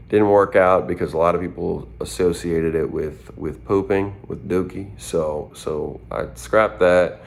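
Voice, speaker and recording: A man from southern Minnesota in his twenties chats casually through a fan Q&A. His voice sits extremely low with a gravelly fry. He talks in a relaxed, playful drawl. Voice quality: very deep, gravelly voice. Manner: laid-back, drawling and playful. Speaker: rapper answering fan questions. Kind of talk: casual chat.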